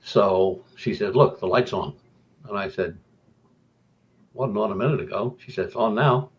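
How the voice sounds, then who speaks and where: A middle-aged man telling a haunted-house story casually on a radio talk show, voice jumping up when excited. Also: moderate pace. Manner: animated, rising high when excited. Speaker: guest storyteller. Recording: dull lo-fi radio call audio.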